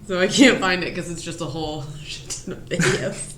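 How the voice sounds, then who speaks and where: Rambling female co-host, bright and lowish, roomy studio. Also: a little fast, noisy background. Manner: chatty, rambling, swears casually. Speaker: podcast co-host. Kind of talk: casual chat.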